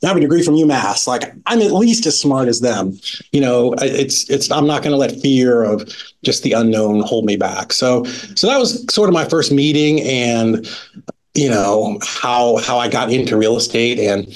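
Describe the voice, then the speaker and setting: A middle-aged man telling a story as a podcast guest, with a lively conversational telling full of "like" and "right?". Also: mid-range voice, moderate pace. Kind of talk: casual storytelling.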